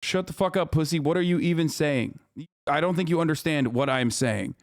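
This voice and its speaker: A man's voice: a little high, brisk. A man in his thirties streaming a heated, profane political rant to his chat, angry and stumbling over restarts.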